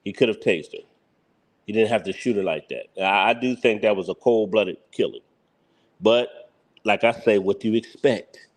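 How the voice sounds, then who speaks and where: A man's voice: lowish voice, moderate pace. Blunt Philly-accented man ranting live. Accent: Philadelphia. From Philadelphia. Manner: blunt, heated, repetitive, laughs mockingly. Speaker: live stream host. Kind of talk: live commentary stream.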